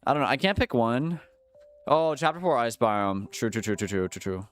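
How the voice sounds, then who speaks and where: A man of medium pitch and fairly bright tone speaks at a normal speed during a live gaming stream. He's casual and playful with his chat, tossing out slang and jokes.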